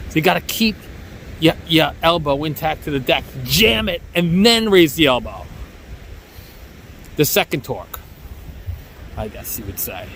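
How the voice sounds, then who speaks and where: A man's voice: fairly high pitch, normal speed, gravelly, long pauses, a little hiss or hum. A man with a New York accent talking in a rambling, boastful, joking vlog monologue outdoors near a beach. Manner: boastful, joking, self-mocking, animated. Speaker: bodyboarding vlogger.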